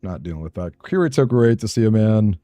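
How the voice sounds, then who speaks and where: A man's voice: fairly low pitch, lively intonation, a little fast, dark tone, no room sound, studio quality. A man streaming a game, chatting with viewers in a rambling, self-deprecating way and laughing often. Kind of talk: casual live-stream chat while gaming.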